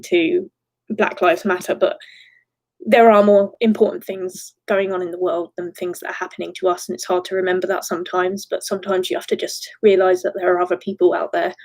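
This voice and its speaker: Young girl on a live stream, mid pitch, venting hard, swears a lot, little nervous laughs. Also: rough recording. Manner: emotional, frank, swears, laughs nervously between phrases. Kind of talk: candid live-stream talk.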